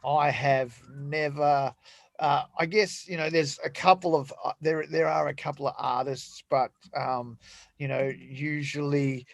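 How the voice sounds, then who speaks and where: Middle-aged Australian man, gravelly voice, higher pitch, chatty host, dry close sound. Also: fairly even intonation, unhurried, no room sound. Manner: chatty, enthusiastic, stumbling restarts. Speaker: podcast host. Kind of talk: casual interview chat.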